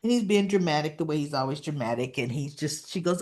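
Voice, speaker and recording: A woman's voice: deep voice, animated, quick pace, hardly any pauses, darkish tone. A woman recapping a daytime soap episode in a casual way, acting out what the characters say. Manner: retells scenes with acted-out dialogue. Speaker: soap opera reviewer.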